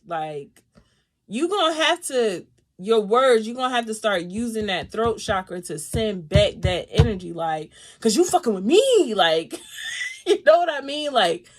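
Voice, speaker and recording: A woman doing a live tarot reading, talking in a lively, casual way, swearing freely and laughing often. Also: fairly high pitch, a little slow. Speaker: tarot reader.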